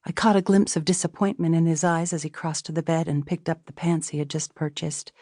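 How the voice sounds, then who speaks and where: A woman narrating a novel in the first person, with a measured storytelling manner. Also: sits low, steady tone, dark tone, no room sound, clean studio sound. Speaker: audiobook narrator.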